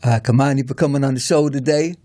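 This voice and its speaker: A man on a casual live show, giving easygoing shout-outs in a halting way with many fillers. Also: mid-range voice, steady tone, no echo, studio quality. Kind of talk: casual live-stream chat.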